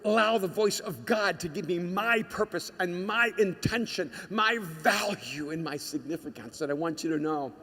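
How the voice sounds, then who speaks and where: High bright-voiced preacher guy, swings from quiet to shouting, big echoey hall. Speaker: pastor. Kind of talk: sermon.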